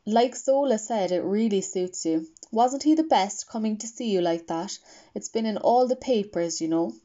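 A woman reading the part of a gentle, hopeful father in an audiobook, earnest and coaxing, on a dull lo-fi recording. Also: mid-range voice, animated, normal speed, lightly acted. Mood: encouraging.

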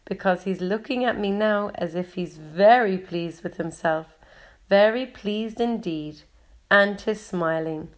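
A woman reads a children's novel aloud as its first-person boy narrator. Her pace is slow and her pitch ordinary, and she reads gently. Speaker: audiobook narrator.

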